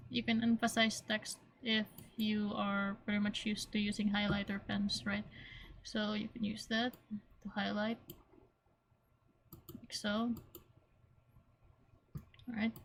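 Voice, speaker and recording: Woman teacher, even monotone, recorded screen tutorial with faint background hum; methodical, repeats herself, clears throat often. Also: medium pitch. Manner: plain, step-by-step, repeats points, frequent throat clearing.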